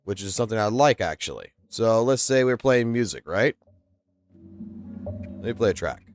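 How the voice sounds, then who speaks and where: A fairly low-voiced male game streamer, live on his stream. He talks off the cuff, excitable and profane, into a studio mic running through a mixing desk. Music plays faintly underneath. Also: normal speed, no room sound. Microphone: studio mic through a mixing station.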